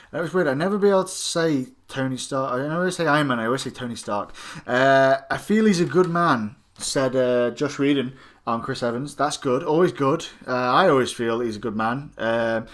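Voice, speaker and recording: A man's voice: mid-range voice, a bit bright. A man, casually reviewing a collectible figure and its magazine in a rambling, jokey way. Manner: rambling and jokey, with many fillers and asides.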